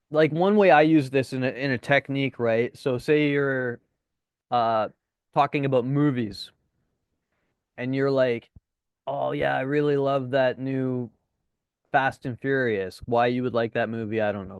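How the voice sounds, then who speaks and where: A man's voice: mid-range voice, clean tone, dry recording, studio quality. A man teaching a casual webinar as a dating coach, cursing freely and acting out the voices he quotes. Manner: profane, acts out quoted voices.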